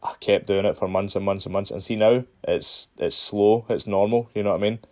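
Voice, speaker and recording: A Scottish podcast host with a fairly low voice, talking in an earnest, chatty way. He circles back and repeats his points as he gives advice. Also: fairly even intonation, fairly quick, a little mellow. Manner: earnest, repeats himself when giving advice. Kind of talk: casual chat.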